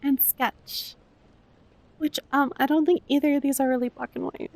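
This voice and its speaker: A woman streamer chatting casually with her viewers, soft-spoken and emotional, with frequent swearing. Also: sits high, steady tone, moderate pace. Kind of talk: casual live-stream chat.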